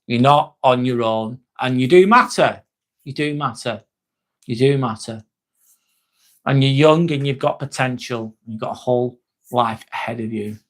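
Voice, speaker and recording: A young man chats casually on a livestream, reading out viewers' comments and answering each one. His voice sits a little higher than most men's, and his tone is reassuring and often apologetic. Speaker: livestream host. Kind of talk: casual live-stream chat reading comments.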